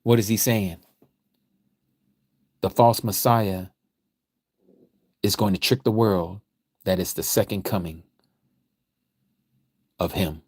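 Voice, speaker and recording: A man's voice: deep voice, steady tone, slow, pauses often, dry recording. Emphatic male preacher, dry close sound. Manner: emphatic preaching, repeats phrases, swings from quiet to loud. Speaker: Bible study teacher. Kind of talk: livestreamed scripture lecture.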